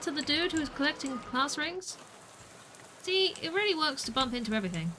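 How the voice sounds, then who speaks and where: A woman's voice: high-pitched, big pitch swings, moderate pace, music in the background, poor audio. A woman chatting playfully through a video game on a livestream, muttering to herself and playing with words. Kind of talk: gaming livestream commentary.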